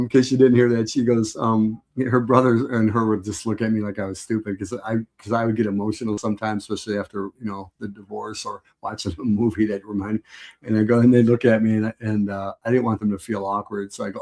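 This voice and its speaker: A man's voice: on the low side, level tone, quick pace, darkish tone. A middle-aged man chatting casually on a live stream, rambling and heartfelt, often breaking into laughter.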